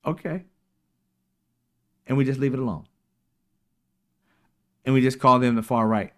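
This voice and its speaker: A man's voice: mid-range voice, unhurried. A man hosting a casual political livestream, talking emphatically and mocking his opponents in put-on quotes. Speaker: political commentary show host.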